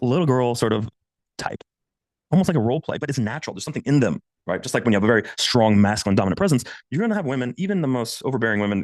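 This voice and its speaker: A man in his thirties giving blunt, profane dating advice in a casual coaching monologue. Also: no echo. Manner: blunt, profane, animated, swings pitch for quoted voices.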